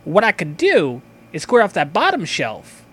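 A man hosting a podcast, chatting casually and reading sponsor spots in a loose, profane, excitable way. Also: high-pitched, unhurried, husky. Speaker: podcast host.

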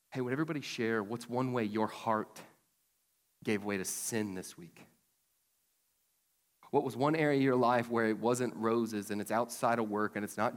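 A man preaching a sermon as pastor, chatty and conversational, with sudden emphatic bursts. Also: on the low side. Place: church sanctuary. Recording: long hall reverb.

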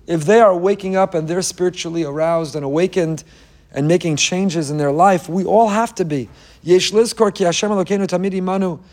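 A middle-aged man preaches a fervent sermon in a somewhat high-pitched voice. He keeps posing rhetorical questions and weaves in Hebrew quotations as he urges his listeners. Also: brisk, darkish tone. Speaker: rabbi giving a Torah class.

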